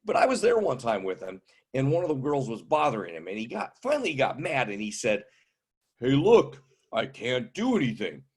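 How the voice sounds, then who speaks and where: A man in his fifties doing stand-up comedy with wry, deadpan setups. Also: medium pitch, fast talker, few pauses, breathy edge. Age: 50s.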